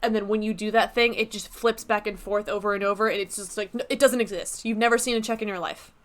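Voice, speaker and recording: A woman's voice: mid-range voice, steady tone, fast talker. A young woman streaming from her apartment desk, chatting casually with a playful, self-mocking manner. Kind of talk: casual live-stream chat.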